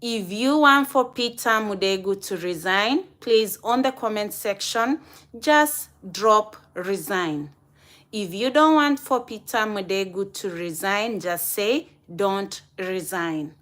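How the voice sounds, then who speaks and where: A woman's voice: medium pitch, lively intonation, takes it slowly, a bit bright. A woman with a Kenyan accent hosting a casual live stream, chatting and addressing viewers directly by name.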